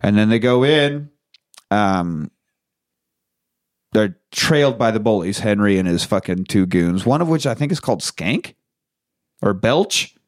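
A man's voice: fairly low pitch, lively intonation, a little slow, long pauses. Laid-back man swearing through a recap. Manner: swears freely, acts out characters' lines. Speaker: podcast co-host. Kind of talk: casual movie recap chat.

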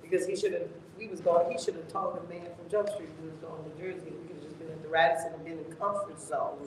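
A woman tells stories in lively casual chat, voicing every side of an argument. She sounds distant from the mic, in a very echoey room with a long reverb tail and faint background noise. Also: fairly low pitch, fast talker. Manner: animated, retells arguments with quoted dialogue. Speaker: co-host.

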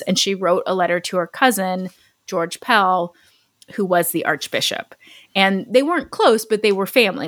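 A woman's voice: medium pitch, a bit bright, dry recording. A woman co-hosting a podcast, telling a true story in a chatty, casual way with lots of "like" fillers. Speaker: podcast co-host.

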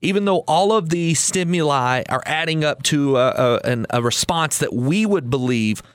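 Man, podcast host, friendly reflective talk, higher voice, dry close-mic recording. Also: expressive, normal speed, smooth, no echo. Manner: friendly, reflective, with filler restarts. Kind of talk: casual podcast talk and storytelling.

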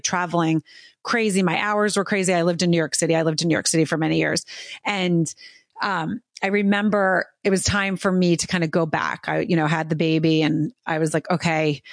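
A woman's voice: low voice, dry recording, clean studio sound. A middle-aged woman hosting a casual chat, telling rambling personal stories and acting out quoted dialogue. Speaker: host.

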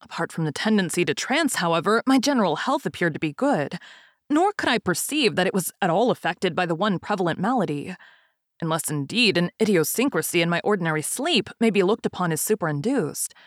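A woman's voice: lowish voice, lively intonation, fairly quick, no room sound. Woman reading a gothic tale, dry. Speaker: reader.

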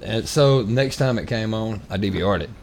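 A male podcast co-host rambles through a casual chat, full of fillers and restarts. His voice is lowish and a little mellow, at a moderate pace, with slight background noise.

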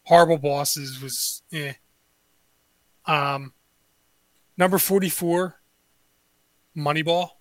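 A man's voice: on the high side, takes it slowly, long pauses, fairly bright tone, no room sound. A man hosting a casual podcast chat, rambling through a movie list and swearing freely. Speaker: podcast host.

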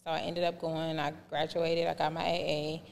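A woman with a fairly low voice tells a long personal story in a relaxed podcast conversation. She gets animated and acts out what people said, switching voices as she goes. The room has a long, reverberant tail and a faint noise underneath. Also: normal speed, gravelly.

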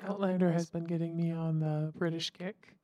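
Low-voiced, dry-humored woman co-host. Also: level tone, moderate pace, dull audio. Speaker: podcast co-host. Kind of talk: casual chat.

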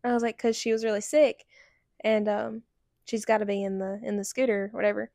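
A woman's voice: medium pitch, flat delivery, a little fast, vocal fry, warm tone, no echo, studio quality. A young woman co-hosting a podcast, telling a story in casual chat and filling it with "like". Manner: chatty storytelling, heavy use of "like". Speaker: podcast co-host.

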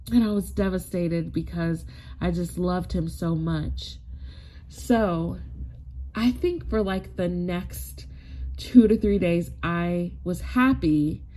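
Tearful woman in her forties telling a story. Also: fairly low pitch. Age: 40s. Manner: animated, rambling, with many likes and you knows. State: tearful, on the verge of crying. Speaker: spiritual wellness vlogger. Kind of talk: emotional personal storytelling.

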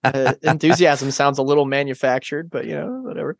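A man's voice: medium pitch, fairly even intonation, fairly quick, vocal fry, no echo. A man chatting as a returning guest on a podcast, telling stories with dry, teasing humor. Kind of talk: casual podcast chat.

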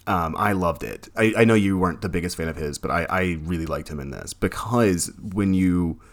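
Man, very low voice, casual rambling podcast co-host. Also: brisk. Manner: rambling, many fillers and restarts. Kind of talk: casual film discussion.

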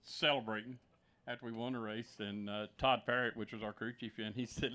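A man's voice: on the low side, little pitch movement, brisk, pushed and bright. A man guest telling a short anecdote in a laid-back, chuckling way. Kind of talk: casual anecdote.

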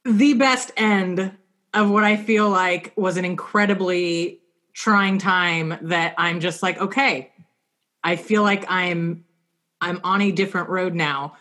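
Animated woman telling a funny story. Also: on the low side. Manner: animated, laughs often while telling stories. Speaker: podcast co-host. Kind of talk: casual chat, storytelling.

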